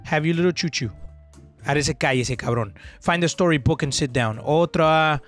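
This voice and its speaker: A young man talks through a game in a joking, profane way, dropping slang between English lines. His voice sits a little on the higher side. Faint game music plays behind him. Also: normal speed, fairly bright tone. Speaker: gaming streamer. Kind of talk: casual let's-play commentary.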